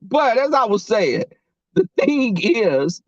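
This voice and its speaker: A man's voice: extremely high pitch, very animated, a little slow, dry recording, lo-fi sound. A young man hosting a casual livestream, talking animatedly and profanely, laughing and calling out viewers in the chat. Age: young adult. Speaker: livestream host.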